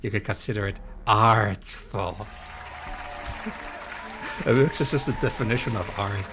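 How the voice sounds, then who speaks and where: A young man giving live commentary on a horror game, excitable and quick to swear and yelp at scares while reading his chat aloud. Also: on the low side, over music, crowd noise. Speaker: streamer playing a horror game.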